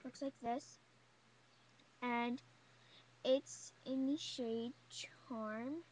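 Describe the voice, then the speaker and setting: A young woman talks through her makeup haul in a chatty, gushing way, her voice pitched a little above the usual. Faint background hiss sits under the recording. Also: low-quality recording. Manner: gushing, chatty, full of "like" and "oh my god". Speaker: beauty vlogger. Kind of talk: casual haul video chat.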